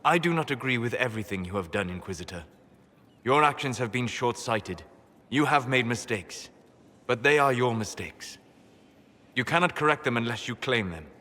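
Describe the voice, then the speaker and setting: An actor playing a wise, melancholy male elven mage in a video game, calm and measured like a lecturer. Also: mid-range voice, long reverb tail.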